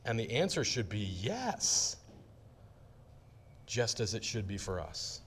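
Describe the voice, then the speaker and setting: A man's voice: fairly low pitch, very animated, slow, breathy edge. A man preaching a sermon, stressing his points by repeating phrases. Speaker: pastor.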